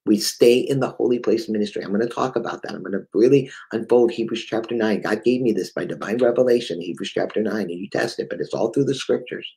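A man's voice: on the low side, quick pace, creaky, hardly any pauses, dark tone, rough recording. A man with a New England accent preaching a fervent sermon, often stammering and repeating words.

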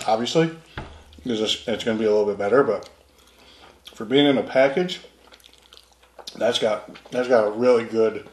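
A man hosting a casual snack taste test, chatty and relaxed, often laughing between bites. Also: medium pitch, slight background noise. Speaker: snack reviewer host. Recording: echoey room.

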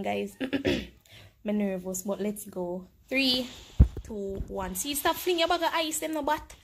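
A woman with a Jamaican accent commenting live on her game, excitable and teasing her opponent. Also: fairly high pitch. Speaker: game streamer.

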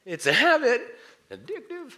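Male pastor, middle-aged, conversational sermon, lively pitch, dropping to hushed prayer, then bursting out. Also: moderate pace. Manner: conversational, jumps between hushed prayer and animated outbursts. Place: church sanctuary.

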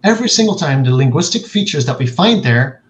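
A man's voice: medium pitch, very animated, rough recording. Man explaining carefully in an interview. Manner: measured, explains with quoted examples. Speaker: linguist guest.

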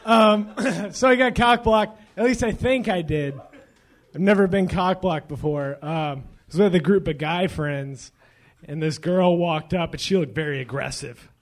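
Young male stand-up, intoxicated and rambling, high and unhurried, cracks himself up. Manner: profane, loose, laughing at his own jokes. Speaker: stand-up comedian.

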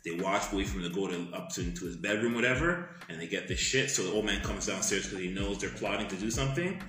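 Man, podcast co-host, casual profane storytelling, low bright voice, echoey room. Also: quick pace, slight background noise. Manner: animated, profane movie retelling with sound effects.

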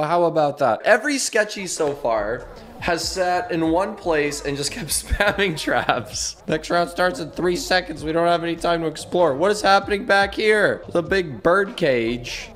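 Male gaming host, mid pitch, very animated delivery, joking with the audience. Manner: excitable, jokey, talks to viewers as "guys". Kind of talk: casual gameplay commentary.

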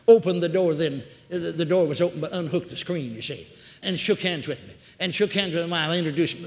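A man preaching a storytelling sermon, swinging dramatically between hushed and loud delivery. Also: high-pitched, brisk. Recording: echoey hall.

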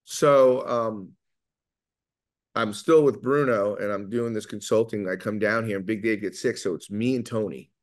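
A middle-aged man with a New York accent, talking fast and loud as he tells animated stories in an interview. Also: fairly low pitch. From New York area. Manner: fast, loud, animated storyteller who acts out quotes. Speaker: guest, pizza maker. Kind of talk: storytelling in an interview.

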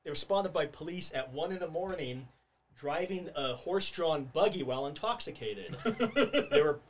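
A man recaps an odd news item for his podcast co-hosts, chuckling through it in a somewhat raised voice. The recording carries a clear layer of background noise. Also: fairly high pitch, normal speed. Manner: laughs often while telling stories. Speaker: podcast co-host. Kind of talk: casual chat, reading out a news story.

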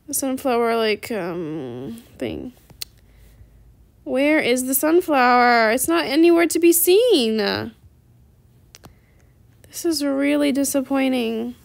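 A woman hosting a gaming channel, giving casual gameplay commentary in a chatty, rambling way that turns excited easily. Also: high-pitched, gravelly, no room sound.

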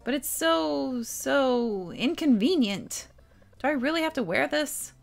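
Girl reading a shy flustered young gal in a game, halting, slow, music under it. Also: high voice, expressive, gravelly, voice pushed up, full character voice. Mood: reluctant. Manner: hesitant, halting. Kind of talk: reading game dialogue aloud.

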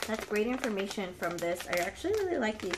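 A young woman casually chatting as she unboxes a dog subscription box, excitable and gushing, stopping to talk to her dogs. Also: mid-range voice, fast talker, very noisy. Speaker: dog channel vlogger.

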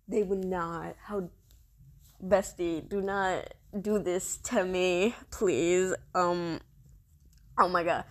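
A young woman playing a murder mystery game, reacting dramatically with swearing, gasps and talking to herself. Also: takes it slowly. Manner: dramatic, swears and talks to herself, sudden high shrieks and gasps. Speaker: player.

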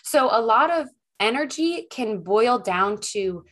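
Upbeat, expressive woman podcast host. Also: fairly high pitch, slow. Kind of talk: solo podcast talk. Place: home.

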